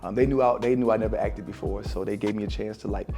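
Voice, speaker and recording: Gravelly-voiced man reflecting over music. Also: fairly low pitch, fairly even intonation, fast talker, mellow. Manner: reflective and spiritual, casual with many fillers. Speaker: actor and former teacher. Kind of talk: sit-down interview, talking to camera. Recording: music playing underneath.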